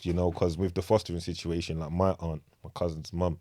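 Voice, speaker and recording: A man's voice: low-pitched, flat delivery, a little fast, dark tone. A man hosting a podcast, encouraging his guest with playful hype and banter. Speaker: podcast host. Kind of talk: casual podcast interview.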